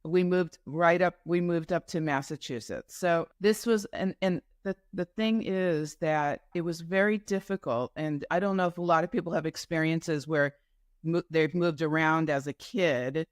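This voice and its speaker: A woman's voice: low voice, normal speed, dry recording, clean studio sound. A woman from New York, a guest in a casual interview, telling her story in a meandering way with many asides and self-corrections. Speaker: guest entrepreneur.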